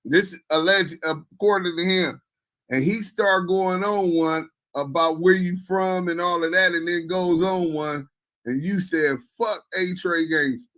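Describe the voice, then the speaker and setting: A male podcast host with a high, bright, sharp voice reacts to a clip. He talks in a mocking, skeptical way and swears freely. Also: poor audio. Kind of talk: reaction commentary.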